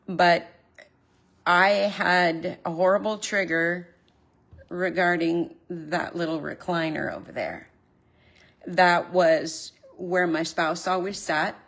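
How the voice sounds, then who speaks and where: Woman, unhurried, earnest, openly emotional, confessional home vlog. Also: fairly low pitch, creaky, fairly bright tone. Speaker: vlogger. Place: at home, in her living room.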